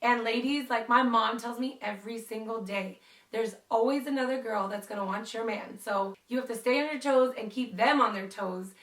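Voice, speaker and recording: Brief: young woman vlogger, storytime chat, high-ish voice, a bit off-mic in a roomy space. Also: moderate pace, recorded from a distance. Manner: chatty, animated, lots of "like". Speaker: YouTuber telling a story. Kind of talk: casual storytime vlog.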